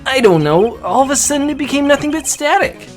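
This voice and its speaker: A woman's voice: sits high, expressive, a little fast, faint music behind, pitched above the performer's own voice. A woman voicing a flustered young male defense attorney, anxious and pleading, in a fan dub of a game. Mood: alarmed.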